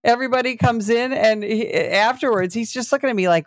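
A middle-aged woman, a police sergeant telling stories as an interview guest, animated and full of fillers. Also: mid-range voice, fairly quick, few pauses, no room sound. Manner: animated storyteller, many fillers, acts out quotes. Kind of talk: casual storytelling interview.

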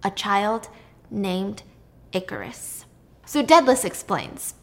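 A woman's voice: medium pitch, moderate pace, a bit bright. A woman casually retelling a myth in a chatty, irreverent way, swearing now and then. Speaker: storyteller.

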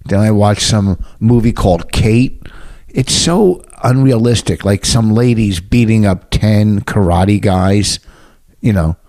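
A man who is a stand-up comedian and podcast host, talking in a rambling, low-key way. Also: slow, a little mellow. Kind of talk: casual chat.

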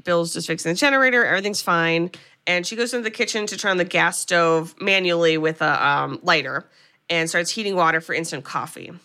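Podcast host, woman, bright tone, chatty plot recap. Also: lowish voice. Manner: chatty storyteller, quotes characters. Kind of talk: casual movie recap.

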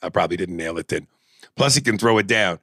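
A man's voice: low-pitched, fast talker, no room sound. A man hosting a podcast, arguing animatedly and reading out listener messages in casual chat. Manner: animated, argumentative, reads listener messages aloud. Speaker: podcast host.

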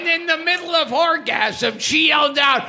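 A man co-hosting a live comedy podcast on a club stage, shouting his punchlines in a drawn-out way. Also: very high-pitched. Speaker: podcast co-host. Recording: noisy live club recording.

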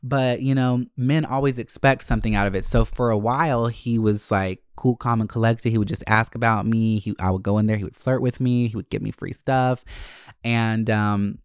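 Brash foul-mouthed guy on a podcast mic, spilling stories, smooth clear voice, dry close sound. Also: mid-range voice, moderate pace, dry recording. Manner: brash, profane, animated storyteller who acts out quotes. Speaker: podcast host. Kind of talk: casual storytelling chat.

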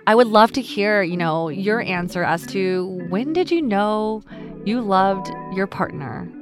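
A woman's voice: mid-range voice, lively intonation, a little slow, over music. A young adult woman hosting a personal podcast, talking candidly and a little emotionally, often restarting her sentences. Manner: candid and tender, with frequent restarts. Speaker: podcast host. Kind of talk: personal reflective podcast talk.

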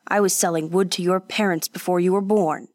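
A blunt old woodseller who scolds and lectures the young man in front of him, as a woman narrator plays him. His voice sits on the low side and is recorded close and dry, with no room sound. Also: steady tone, a little fast, a little mellow, no echo, lightly acted. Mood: gruff.

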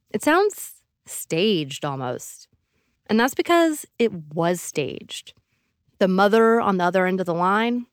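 A woman hosting an investigative podcast, narrating in a measured, serious way. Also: fairly low pitch, dry recording, studio quality. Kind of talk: scripted narration.

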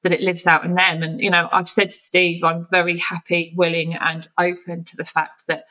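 Mother, low bright voice, lo-fi. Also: level tone, normal speed. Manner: open, emotional, searching. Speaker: podcast guest. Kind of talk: candid conversation.

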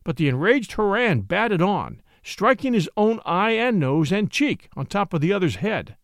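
A man reading a classic short story aloud as narrator, with an expressive, dramatic delivery. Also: sits high, moderate pace, dry recording, studio quality.

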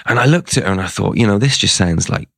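Male interview guest, low voice, dry close sound, chatty storyteller who acts out the lines people said. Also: lively intonation, fast, vocal fry, fairly bright tone, slightly rough, no room sound. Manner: conversational, retells events with quoted dialogue.

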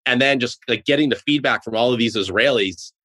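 A Boston man who co-created a show chats eagerly in a casual interview, filling his speech with "like." His mid-range voice is brisk and a bit bright.

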